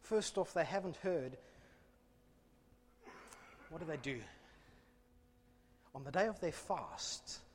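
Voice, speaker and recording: A man preaching an emphatic, animated sermon in a church, with self-deprecating asides. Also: on the high side, takes it slowly, pauses often, big-room sound. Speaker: pastor.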